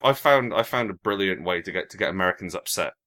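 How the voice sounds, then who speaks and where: A man's voice: low-pitched, lively intonation, quick pace, bright, forceful tone, faint music behind. A man from Britain, a guest who designs games, chatting casually and rambling through teasing tangents. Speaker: podcast guest, game designer. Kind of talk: casual chat.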